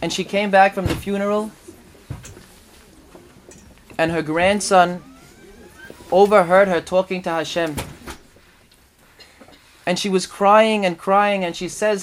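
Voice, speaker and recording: Emphatic high-voiced man preaching. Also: steady tone, slow, long pauses, a little hiss or hum. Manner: storytelling preacher, rhetorical questions, sudden emphatic rises. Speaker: rabbi giving a talk. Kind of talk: sermon.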